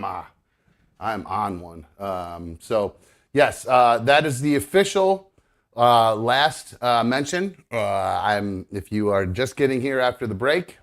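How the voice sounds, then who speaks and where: A man hosting his own talk show, ranting angrily with heavy swearing and lots of rambling fillers. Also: mid-range voice. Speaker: podcast host. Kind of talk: casual solo talk show.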